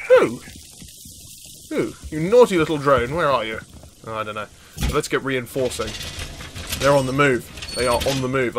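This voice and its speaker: A man giving chatty, excitable commentary over his own gameplay, often laughing and swearing. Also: medium pitch, slight background noise. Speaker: gaming video host.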